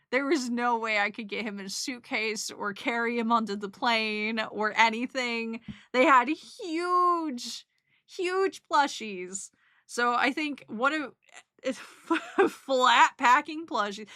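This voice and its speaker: A woman's voice: fairly high pitch, pushed and bright, no room sound, clean studio sound. A young woman casually recapping a trip for her stream, rambling and emotional, with giggles and lots of fillers. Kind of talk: casual chat.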